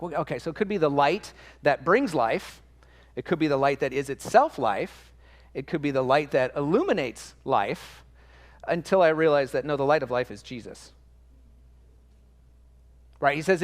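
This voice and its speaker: In a large hall, a pastor with a slightly high voice preaches earnestly and emphatically. He stacks up repetitions and restarts phrases as he works through a thought.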